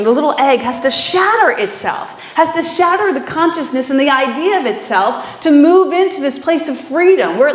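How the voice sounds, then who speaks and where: A woman minister giving a conversational sermon, telling stories with frequent fillers and easy laughter. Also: sits high. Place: small church hall. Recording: echoey room.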